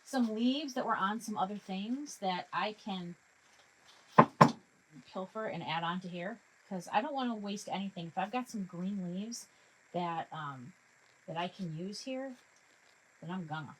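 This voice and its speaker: Woman doing a live craft demo, chatty, talks to herself as she goes, mid-pitch voice. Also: lively intonation, unhurried, long pauses, background noise. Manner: chatty, talks herself through each step; jokey self-talk to her materials. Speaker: craft tutorial host.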